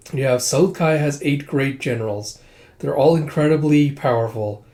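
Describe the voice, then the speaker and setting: A man's voice: medium pitch, normal speed, darkish tone. A man casually recapping a comic volume, talking loosely with lots of "like" and "uh". He reads the characters' lines inline with little change in his voice. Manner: loose and chatty, heavy on "like" and "uh". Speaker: manga reviewer.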